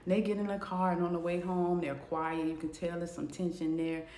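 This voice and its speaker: A woman narrating a storytime video in a casual, animated way. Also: lowish voice, moderate pace. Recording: roomy echo.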